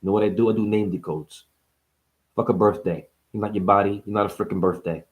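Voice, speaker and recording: A man voicing a tough middle-aged male mafia guy with a New Jersey accent, gruff and profane. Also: lowish voice, steady tone, quick pace, voice pushed down, close to an everyday voice. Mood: gruff bravado. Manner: gruff, profane, menacing bravado.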